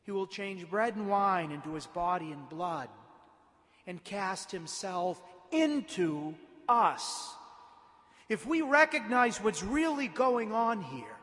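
A man serving as priest, reading the Gospel and preaching a homily with emphatic, slowly stressed phrases in a large church. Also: high-pitched, very animated, fairly bright tone. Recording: reverberant church hall.

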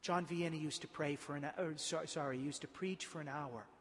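A male priest preaches a homily in a church with a long, ringing reverb. His voice sits high for a man. He moves between quiet narration and impassioned emphasis. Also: normal speed. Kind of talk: sermon.

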